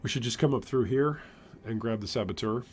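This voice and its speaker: A man streaming gameplay, chatty and animated, commenting on his build and answering chat. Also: medium pitch, a little fast, a little hiss or hum. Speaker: streamer, game host.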